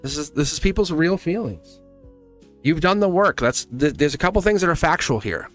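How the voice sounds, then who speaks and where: A man's voice: a little high, lively intonation, moderate pace, a bit bright, faint music behind. A man giving a casual tarot reading to camera. He is chatty and reassuring, often asks "see?" and chuckles as he talks. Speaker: tarot reader.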